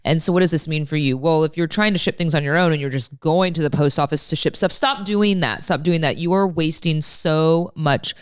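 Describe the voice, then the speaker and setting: Low-voiced woman podcast host. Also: steady tone, a little fast, few pauses, clear, resonant tone, no room sound, studio quality. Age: late 30s. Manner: candid, exasperated storytelling with frequent swearing. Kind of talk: casual podcast chat.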